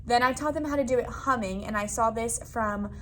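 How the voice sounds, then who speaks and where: A young first grade teacher from Florida chats casually to camera in her indoor classroom, vlog style, laughing easily and saying "y'all" and "like" a lot. Her voice is fairly high, brisk and fairly bright, with a little hiss or hum in the audio.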